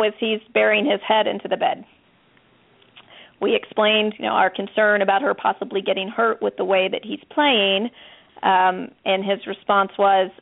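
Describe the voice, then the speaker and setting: A woman's voice: mid-range voice, moderate pace, creaky. Mother calling in over a tinny line. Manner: detailed, recounts from notes, earnest. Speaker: caller, mother. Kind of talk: phone call to an advice show.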